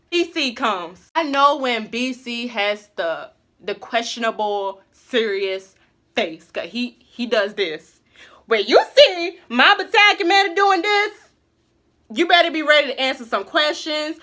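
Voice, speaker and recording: A young woman vlogs her story in a high, bright voice. She rambles casually, heavy on fillers and slang, and stays animated. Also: takes it slowly. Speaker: vlogger.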